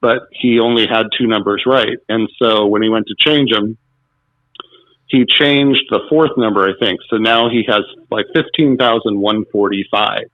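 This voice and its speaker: A man's voice: lowish voice, normal speed, dry recording. A man guest on a talk show, telling stories animatedly and acting out the quotes. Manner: animated, acts out quotes with laughs. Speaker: podcast guest. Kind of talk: casual storytelling interview. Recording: dull, dry lo-fi sound.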